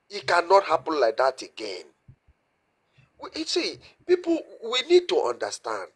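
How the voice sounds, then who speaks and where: A Nigerian man calls in, speaking English with a Nigerian Pidgin-inflected accent. His voice sits fairly high and moves widely in pitch. He pleads with passion and repeats his main points for weight. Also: wildly swooping pitch, normal speed, slightly rough. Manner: pleading, impassioned, repeats himself. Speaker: caller. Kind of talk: impassioned call-in comment.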